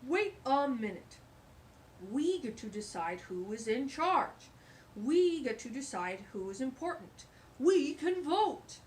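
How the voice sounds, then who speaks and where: Woman doing an excited good dog. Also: high-pitched, takes it slowly, slight background noise, voice pushed up, exaggerated voice. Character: friendly smart male dog.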